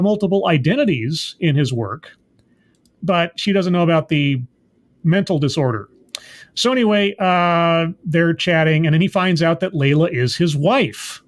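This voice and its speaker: A man recapping and reviewing a TV episode in a casual, hesitant, thinking-aloud way. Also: on the high side. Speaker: show reviewer.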